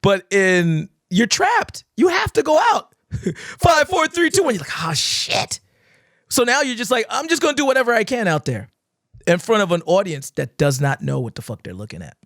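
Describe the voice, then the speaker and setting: A man's voice: high voice, moderate pace, no room sound, clean studio sound. A man who teaches dance, talking casually on a podcast, acting out crowds and swearing freely as he tells stories. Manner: animated storytelling, acting out crowds and shouts, swears often.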